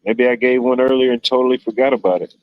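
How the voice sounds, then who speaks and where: A man's voice: mid-range voice, fairly even intonation, quick pace, dry recording, narrow, tinny audio. Male livestream host, casual and rambling, jokey; dry close-miked voice. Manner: rambling, joking, lots of "you know". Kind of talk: casual chat.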